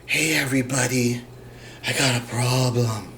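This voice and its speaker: A man mocking a self-pitying male card collector in a low, soft, whiny mumble. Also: fairly even intonation, measured pace, slight background noise, natural voice. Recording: roomy echo, off-mic.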